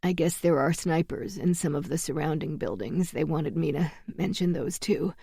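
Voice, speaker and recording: Woman voicing a panicked male hostage, halting, urgent, low voice, close dry sound. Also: gravelly, dark tone, husky, no room sound, full character voice. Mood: urgent, strained.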